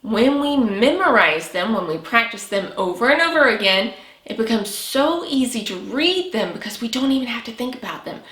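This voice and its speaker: A woman teaching a sight-word lesson to young children, with slow, encouraging, sing-song praise. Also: on the high side, very animated, a bit bright, reverberant. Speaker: preschool teacher.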